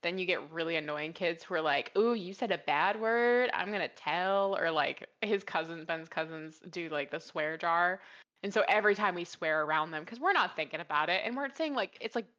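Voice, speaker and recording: Young woman, podcast co-host, bright tone, dull lo-fi sound. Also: low voice, fairly quick. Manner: animated storyteller acting out quotes. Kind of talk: casual chat.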